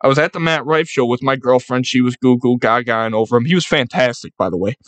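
A young man rallies listeners in a solo sports podcast, fired up and swearing freely. His voice sits at an ordinary pitch for a man. The sound is dry and close, with no room echo. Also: fast, fairly bright tone. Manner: fired-up, profane, rallying. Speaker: podcast host.

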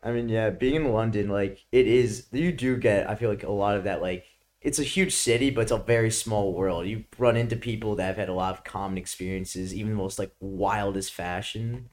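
Young new york guy, kinda low voice, chill and chatty, laughs a lot. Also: fairly quick, darkish tone. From Brooklyn, New York. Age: young adult. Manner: laid-back, laughing, lots of "like". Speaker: guest. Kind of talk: casual chat.

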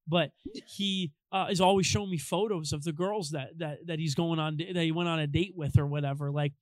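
A man's voice: a little high, fairly even intonation, a little fast, dry recording, low-quality recording. A young adult man, a pastor, talking casually, emphatic and joking. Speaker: youth pastor. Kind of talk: casual chat.

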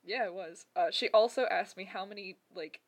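A woman's voice: medium pitch, normal speed. A woman co-hosting a folklore podcast in casual, chatty talk with frequent laughs and rambling asides. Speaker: podcast co-host.

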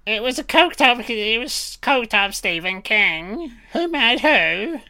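A man putting on a high, sneering heckler voice to mock a film's maker. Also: expressive, takes it slowly, sharp tone, clean tone, exaggerated voice.

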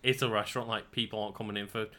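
A man chatting casually, relaxed, swearing now and then, and agreeing with short fillers. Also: on the low side, racing. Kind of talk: casual chat.

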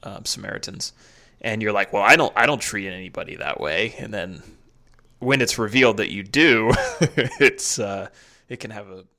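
A man's voice: lowish voice, moderate pace, bright, forceful tone. A man co-hosting a podcast in casual chat, who often hesitates and searches for his words. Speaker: podcast co-host.

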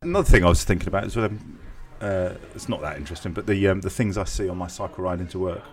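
A man's voice: low voice, fast. A man co-hosting a podcast in casual chat, rambling and correcting himself with dry humour. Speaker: podcast co-host.

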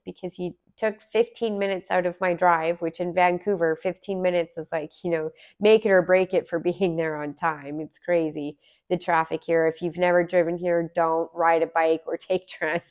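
A woman's voice: lowish voice, smooth, highs cut off. A woman from Alberta, musing in a casual, earnest monologue full of rhetorical questions. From Alberta, Canada.

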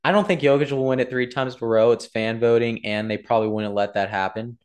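A man's voice: mid-range voice, quick pace. Young guy rambling on about basketball picks, chatty, keeps fixing what he says. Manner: chatty, rambling, self-correcting, talks to the viewer. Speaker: sports vlogger. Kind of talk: casual sports commentary.

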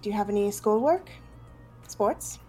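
A woman's voice: medium pitch, animated, measured pace, darkish tone, faint music behind, natural voice, rough recording. A woman voicing a flirty male monster lover in a put-on Italian accent, playful and teasing.

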